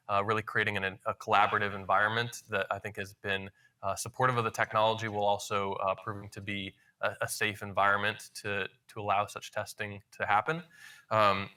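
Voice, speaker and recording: A man on a panel speaks in a low, very bright voice with almost no change in pitch. His delivery is measured and formal, with light fillers. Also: smooth. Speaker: policy panelist. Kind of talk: panel discussion answer.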